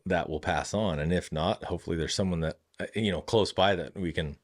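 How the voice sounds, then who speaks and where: Deep-voiced farmer, earnest and reflective. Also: male voice. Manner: earnest and reflective, halting restarts. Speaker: farm owner, podcast guest. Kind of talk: casual interview chat.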